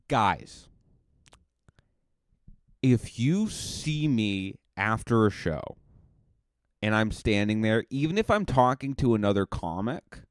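A man's voice: mid-range voice, animated, a little slow, no echo, studio quality. A male stand-up comedian talking through a casual podcast monologue, chatty and rambling, with plenty of restarts and fillers.

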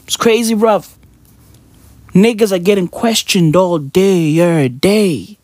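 A man hosting a comedic podcast, ranting in a mocking, profane way, firing rhetorical questions and often jumping up into high, yelping exclamations. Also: measured pace, a little mellow, dry recording. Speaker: podcast host.

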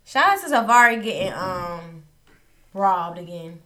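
A woman's voice: fairly low pitch, measured pace, a bit bright. A woman co-hosting a podcast, chatting casually and laughing often. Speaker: podcast co-host. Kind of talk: casual chat.

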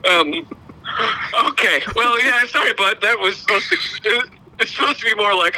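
A man co-hosting a casual podcast, teasing his friend and laughing often. His voice is high and lively, swinging widely in pitch. His tone is very bright and cutting. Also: moderate pace, low-quality recording. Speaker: podcast co-host.

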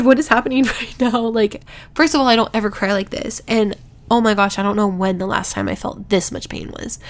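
A woman's voice: medium pitch, gravelly, fairly bright tone. A young woman telling a personal story to her viewers in a casual, rambling way, laughing between words, with a congested, stuffy voice. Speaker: vlogger.

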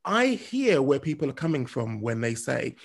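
Gravelly husky man, measured talk. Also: mid-range voice, very animated. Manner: measured, reasoned explanations. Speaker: podcast co-host. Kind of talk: casual podcast discussion.

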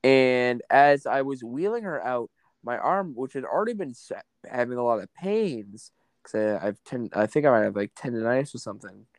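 A man's voice: medium pitch, lively intonation, normal speed, dry recording. A man who acts on stage, chatting casually and teasing bluntly with a dry tone. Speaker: stage actor and podcast guest. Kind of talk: casual chat.

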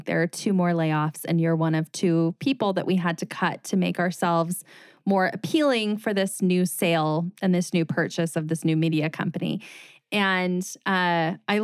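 A woman's voice: on the low side, clear, resonant tone, dry recording, clean studio sound. A middle-aged woman, a former news reporter and now a designer, telling her story as a guest in a casual interview, acting out quoted dialogue. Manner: animated retelling with quoted dialogue and laughs.

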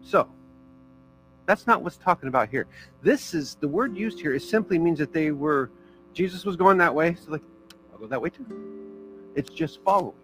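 A man's voice: on the high side, animated, normal speed, pauses often, fairly bright tone, soft background music, poor audio. A man preaching a sermon as pastor, in a casual, conversational way with fillers and small jokes.

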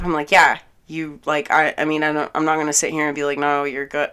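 A young woman telling a story in a casual vlog, animated and exasperated, swearing a lot and acting out both sides of an argument. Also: low voice, moderate pace, clear, resonant tone. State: angry and exasperated.

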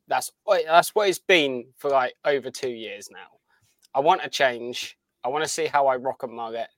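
A man's voice: mid-range voice, expressive, moderate pace, fairly bright tone, no echo. A young man chatting casually as a podcast co-host, rambling and enthusiastic with many restarts. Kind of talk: casual chat.

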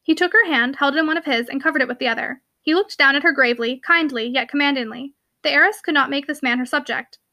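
A woman narrating a classic novel for her podcast, reading steadily and clearly. Her voice is high and bright, with a sharp, forward tone. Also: fast talker, hardly any pauses, no room sound. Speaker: podcast host and audiobook reader. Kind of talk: audiobook narration.

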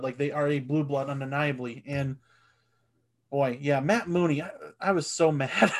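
A man in his thirties co-hosting a casual sports podcast, animated and swearing, and he gets loud when excited. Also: on the high side, fairly quick. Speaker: podcast co-host.

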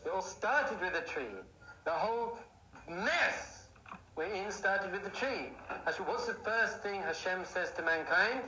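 A man giving a lively Torah class, asking rhetorical questions and building up to excited outbursts. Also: sits high, unhurried. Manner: animated, rhetorical questions, bursts into excited shouting. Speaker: Jewish teacher. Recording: echoey room, faint noise.

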